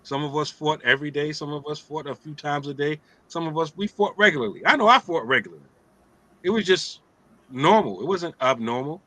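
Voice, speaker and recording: Streetwise man giving a bright, joking religious talk. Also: on the high side, no room sound, low-quality recording. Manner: streetwise, joking, frequent "right?" asides. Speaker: host of an Islamic talk show.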